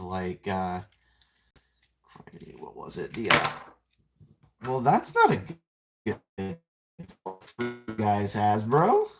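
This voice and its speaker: A man's voice: on the low side, background noise. A young man chatting casually on a live stream while transforming a toy figure, rambling, self-mocking and greeting viewers by name.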